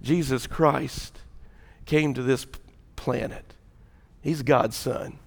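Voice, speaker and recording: A male pastor preaching an impassioned sermon, rising loud and dropping to a hush. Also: medium pitch, slow pace, gravelly, big-room sound. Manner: impassioned, swings between loud and hushed.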